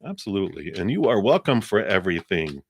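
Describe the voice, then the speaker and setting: A man's voice: sits low, fast talker, slightly rough. A middle-aged man hosting a live tarot card reading, chatting casually with viewers and thanking donors. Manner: relaxed and chatty, thanks donors, many fillers.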